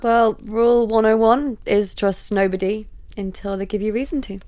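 A woman's voice: mid-range voice, fairly even intonation, moderate pace, dark tone, dry recording. A woman playing a tabletop game, narrating her character's actions hesitantly. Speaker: player. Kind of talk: tabletop role-play.

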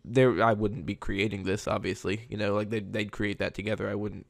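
Low, flat-voiced man hosting a podcast. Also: a little fast, creaky. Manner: rambling and conversational. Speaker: podcast host. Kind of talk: casual solo podcast monologue.

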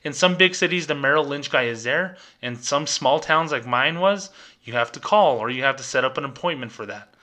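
A middle-aged man talks on his podcast in a sarcastic, exasperated rant, picking apart stiff corporate language. His voice has a bright, forceful edge, and he keeps a mocking tone throughout. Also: mid-range voice, lively intonation, a little fast. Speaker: podcast host, former bank employee. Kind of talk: ranting commentary.

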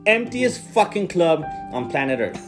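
Guy ranting through a weird movie plot, voice jumping all over, bit high, guitar faint behind. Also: normal speed. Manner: animated, incredulous storytelling with swearing. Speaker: podcast co-host. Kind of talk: casual movie recap chat.

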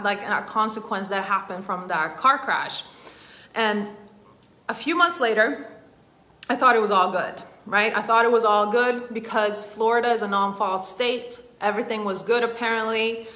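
Bright-voiced woman coach telling a story. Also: a little high, normal speed, echoey room. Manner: conversational, rambling with restarts. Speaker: emotional intelligence coach. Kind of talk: personal story told in a masterclass.

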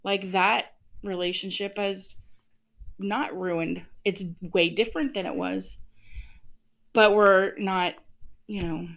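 A woman's voice: medium pitch, steady tone, slow pace, vocal fry, long pauses, fairly bright tone. A woman in her fifties co-hosting a podcast, talking candidly in casual chat, laughing often and acting out what people said. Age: 50s. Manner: candid, laughs often, acts out past dialogue. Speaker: podcast co-host.

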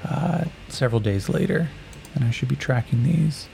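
A man narrating a solo tabletop game and rolling on tables, in a relaxed way with many fillers. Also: medium pitch, normal speed, vocal fry, soft background music, poor audio.

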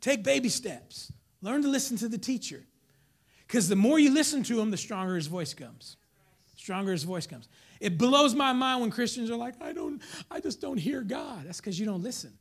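A man preaching a sermon as pastor, swinging between loud emphatic lines and hushed whispers while acting out members of the congregation. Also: high-pitched, expressive, moderate pace.

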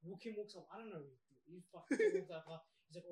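A man's voice: high-pitched, fast talker. A young man telling a school story in casual chat, laid-back and laughing. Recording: roomy, off-mic, crowd behind.

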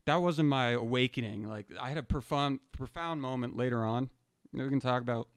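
A man's voice: medium pitch, fairly quick, no room sound. A young man telling a personal story casually, rambling and slangy, saying "dude" often and restarting his sentences.

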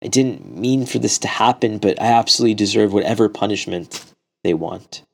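A man's voice: lowish voice, a little fast, creaky. A man voicing a remorseful young man facing execution.

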